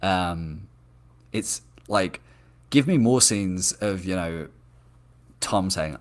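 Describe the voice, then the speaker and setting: A man's voice: low-pitched, animated, very slow, long pauses. A man hosting a live discussion show, chatting enthusiastically and reading out viewer comments, with frequent ums and restarts. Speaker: show host.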